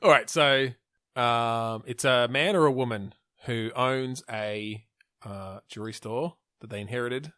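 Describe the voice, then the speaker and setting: A man's voice: medium pitch, a little slow, pushed and bright, no room sound. A man hosting a podcast, steering a game-design brainstorm with questions and frequent restarts. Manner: steers the talk, asks questions, self-correcting restarts. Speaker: podcast host.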